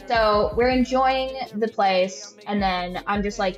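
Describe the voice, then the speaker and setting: A woman's voice: mid-range voice, slow pace, hardly any pauses, soft background music. Profane, rambling woman telling a story. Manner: blunt, profane, lots of "like" fillers; acts out friends' lines in quoted asides. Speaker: podcast host. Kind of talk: casual storytelling chat.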